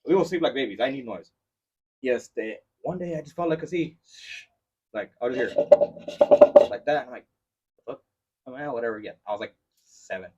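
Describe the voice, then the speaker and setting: A man, a guest on a podcast, telling a story in a lively casual chat with plenty of swearing. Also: medium pitch, far from the mic. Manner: fast, animated, profane storytelling. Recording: dull lo-fi sound.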